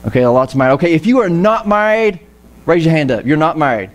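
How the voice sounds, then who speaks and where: Male pastor, casual church sermon, animated and joking, voice a touch high. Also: quick pace. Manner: lively, jokey, acts out quoted voices. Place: church auditorium.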